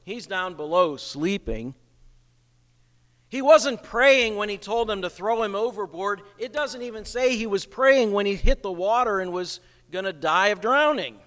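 A male pastor preaching a sermon in a church, slow and emphatic, asking rhetorical questions. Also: sits high, expressive, fairly bright tone, long reverb tail.

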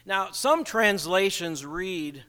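A male pastor preaching a sermon in a church, slow and emphatic, asking rhetorical questions. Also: sits high, lively intonation, bright, forceful tone, clear, resonant tone, in a large hall.

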